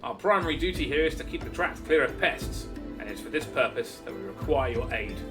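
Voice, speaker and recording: A man's voice: mid-range voice, expressive, brisk, far from the mic, music in the background, lightly acted. A man voicing a stern, formal mercenary recruiter from a game, with a stiff, cautionary delivery. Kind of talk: reading game dialogue aloud in voices.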